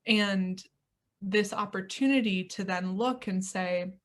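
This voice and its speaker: A young woman coach talks through her ideas in an earnest, searching way, pausing to find the words. Her voice sits at an ordinary middle pitch, and now and then she slips into playful little inner voices. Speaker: acting coach, interview guest. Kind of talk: reflective interview answers.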